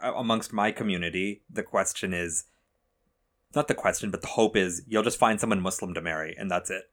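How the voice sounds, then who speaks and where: A man co-hosting a podcast, speaking in a measured, gentle and thoughtful way. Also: deep voice. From North America. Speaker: podcast co-host. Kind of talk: casual chat.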